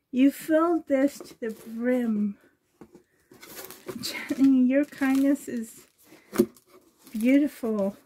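A woman's voice: sits high, warm tone, slight background noise. A woman vlogger chatting casually while unboxing, her voice shaky and emotional as she gushes with tearful gratitude. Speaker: doll-collecting vlogger.

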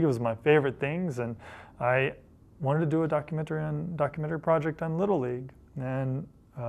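A man's voice: medium pitch, gravelly. A middle-aged man, a photojournalist, telling personal stories in an earnest, reflective way, often repeating phrases as he gathers his thoughts. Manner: earnest, repeats phrases while thinking, quotes others in passing.

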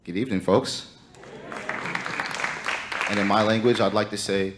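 A man's voice: lowish voice, steady tone, measured pace, long pauses, a crowd in the background, background noise. A man from the Shinnecock Nation greeting a live audience on behalf of his singing group, formal and grateful. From Shinnecock Nation, Long Island, New York. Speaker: lead singer of a drum group. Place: TV studio before a live audience.

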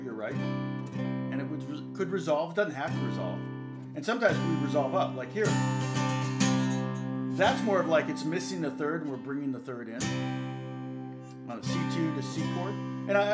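A middle-aged man teaching guitar on a live stream, rambling and chatting with viewers, laughing often and counting out notes. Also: a little high. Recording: echoey room with loud guitar playing.

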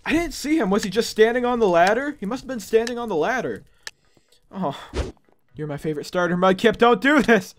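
A young man giving gameplay commentary as a YouTuber, excitable and prone to panicked yelps and screams before dropping back to quiet muttering. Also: high-pitched, fairly quick. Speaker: gaming YouTuber.

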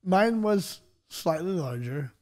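A man with a somewhat high voice that swings lively up and down. He co-hosts a casual chat, reacting with eager enthusiasm. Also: slow pace.

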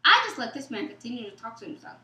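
A woman guest telling a story in a casual chat, animated and acting out what others said, in loose informal speech. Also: fairly high pitch, rapid-fire. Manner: animated, acts out quoted texts and dialogue. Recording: echoey room.

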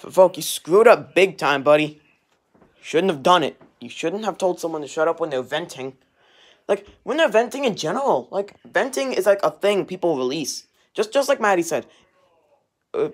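A young male vlogger rants angrily in his home kitchen while washing dishes, rambling and swearing a lot. His voice is fairly high and sing-song at a moderate pace, captured on a handheld camera as he walks around.

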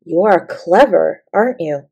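A woman voicing a shy, slow schoolgirl full of awe in a storybook reading, speaking hesitantly. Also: fairly low pitch, sing-song, a little mellow, slightly rough, lo-fi sound, heavily acted. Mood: awed. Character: shy, slow, plump schoolgirl, easily awed.

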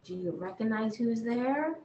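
A woman librarian reading a bedtime picture book aloud, gently talking to young children in an echoey room. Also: fairly high pitch, lively intonation, a little slow, lo-fi sound, slight background noise. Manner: gentle, sing-song, talks to children.

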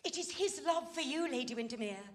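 A woman's voice: high voice, animated, fairly quick, slight background noise. An actress playing a fallen society woman who pleads urgently and with passion in a stage play scene. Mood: pleading. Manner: impassioned, pleading.

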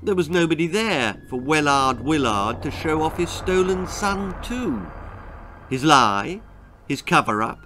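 Lively storyteller man, unhurried. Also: on the high side, faint music behind. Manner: lively, relishing, theatrical. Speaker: author reading his own stories. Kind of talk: children's storybook narration.

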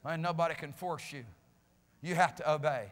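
A male pastor preaching a fiery sermon in a church, repeating phrases and swinging between shouts and low, quiet lines. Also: moderate pace. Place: church sanctuary. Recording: reverberant church hall.

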